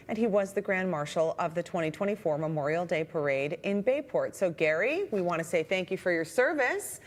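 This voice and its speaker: A woman co-hosting a television talk show, chatting casually in the studio in an upbeat, emphatic way. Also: mid-range voice. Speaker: TV show co-host.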